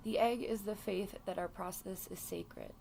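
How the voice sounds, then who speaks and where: A woman hosting a spiritual card-reading video, reading aloud from a card deck with a deep, gravelly morning voice in a calm, unhurried way. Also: slight background noise, rough recording.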